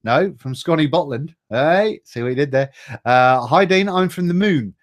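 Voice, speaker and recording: A man's voice: a little high, expressive, normal speed. Chatty man greeting live viewers. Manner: chatty and jokey, stumbles over names. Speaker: live stream host. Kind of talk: casual live stream chat, reading viewer greetings.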